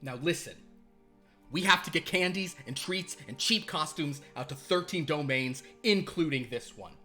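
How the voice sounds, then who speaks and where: A man's voice: moderate pace, soft background music. A man voicing an arrogant, abusive male cartoon wristwatch boss who barks and brags at his workers. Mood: barking. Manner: loud, bullying, barking sales-pitch rant.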